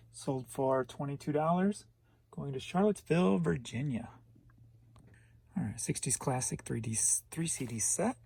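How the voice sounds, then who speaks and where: An online reseller gives a laid-back, casual rundown of items he has sold, listing each one and where it's headed, with the occasional chuckle. His medium-pitched voice is gravelly and a little mellow, with a breathy edge.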